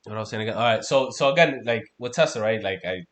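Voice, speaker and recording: A man's voice: on the low side, lively intonation, quick pace, fairly bright tone. Profane, chatty man on a trading stream. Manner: loose, profane, chatty, peppered with "man" and "right?". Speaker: crypto trading stream host. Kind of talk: casual livestream trading talk.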